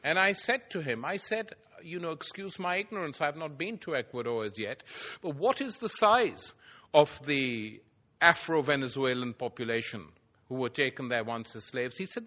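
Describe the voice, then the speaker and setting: A man's voice: fairly high pitch, pushed and bright, dull audio. A man giving a public lecture before an audience, telling anecdotes with wry, dry irony.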